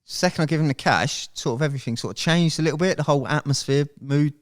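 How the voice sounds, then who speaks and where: Lively man telling a story. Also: on the high side, quick pace. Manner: animated, swears freely, laughs as he tells it. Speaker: podcast guest. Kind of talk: casual storytelling.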